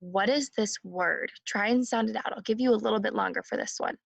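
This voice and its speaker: A woman teaching a phonics lesson to young children, speaking slowly and clearly and modeling sounds for the class to repeat. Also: mid-range voice, no room sound.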